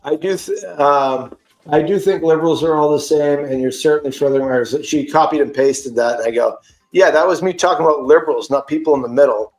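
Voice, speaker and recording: A podcast host, a man, retelling an online argument in a casual, animated and profane way. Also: fairly high pitch, brisk, roomy sound, faint music behind, rough recording. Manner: animated, profane, indignant storytelling.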